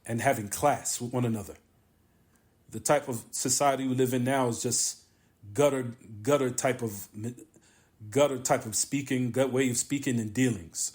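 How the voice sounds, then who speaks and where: A man's voice: mid-range voice, darkish tone. Emphatic man teaching a mosque lesson. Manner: repetitive, emphatic, drawn-out pauses; mixes in Arabic terms. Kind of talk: religious lesson on a classical text.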